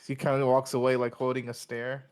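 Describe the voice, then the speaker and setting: A man's voice: medium pitch, monotone, brisk, smooth. Casual male game master. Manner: casual, filler-heavy. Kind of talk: narrating a tabletop game.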